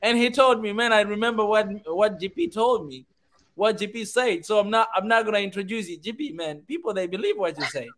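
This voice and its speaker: A man's voice: high voice, lively intonation, a little fast, a bit bright. A man on a talk show scolding a friend in mock-serious tones and laughing through his words. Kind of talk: joking panel chat.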